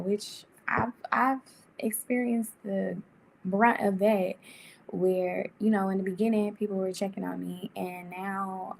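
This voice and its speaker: A woman vlogger talking casually to camera with life advice, chatty and animated, laughing often and jumping up in pitch. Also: normal speed, creaky, slight background noise. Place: indoor room.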